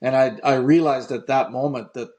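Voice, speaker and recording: A man's voice: medium pitch, steady tone, moderate pace, mellow. A man who is an author, a guest on a podcast, speaking earnestly about his family. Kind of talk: casual interview chat.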